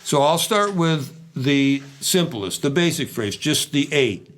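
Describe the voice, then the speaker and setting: An older man teaching drum phrasing, explaining in a relaxed way and scatting the patterns aloud between playing. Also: on the high side, takes it slowly. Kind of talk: demonstrating drumming.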